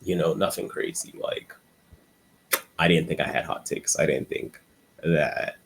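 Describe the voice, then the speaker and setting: Man, low pitch, husky, rambling commentary, stuttering restarts. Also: measured pace, a bit bright. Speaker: video essayist. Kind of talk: unscripted commentary monologue.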